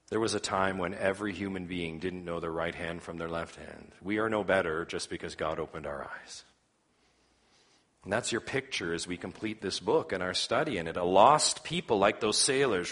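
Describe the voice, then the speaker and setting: A man preaching a sermon, moving between loud emphatic calls and quiet low asides. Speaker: pastor.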